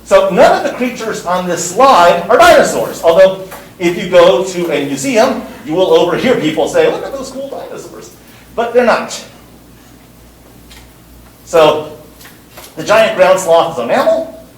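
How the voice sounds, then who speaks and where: Man lecturing, fairly high voice, emphatic and repetitive, roomy echo, slightly distant, faint background hum. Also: measured pace, long pauses. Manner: lively, emphatic, repeats words for stress. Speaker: university lecturer. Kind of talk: classroom lecture.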